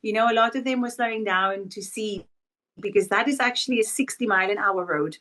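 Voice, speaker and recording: South african woman, mid-pitch, talks from the heart, earnest chat. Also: fairly quick, sharp tone. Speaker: podcast co-host. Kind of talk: casual chat.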